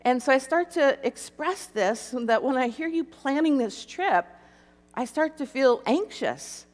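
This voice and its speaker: High-voiced woman telling an emotional story. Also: expressive, a little slow. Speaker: speaker sharing a personal story. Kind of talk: animated personal testimony to an audience. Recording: echoey hall reverb.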